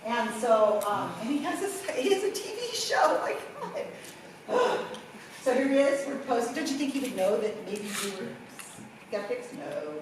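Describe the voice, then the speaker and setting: Middle-aged woman presenter, fairly high voice, animated storyteller; recorded from afar in a very echoey room. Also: moderate pace, distant mic, a little hiss or hum. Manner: animated storytelling with acted-out quotes. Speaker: workshop presenter. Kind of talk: conference workshop talk. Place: conference room.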